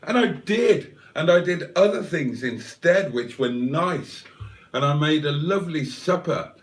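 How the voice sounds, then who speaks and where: Lively, wry man on a livestream. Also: a little high, a little slow, recorded from a distance. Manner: playful, wry and mock-theatrical. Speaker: livestream host reading chat. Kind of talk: casual chat.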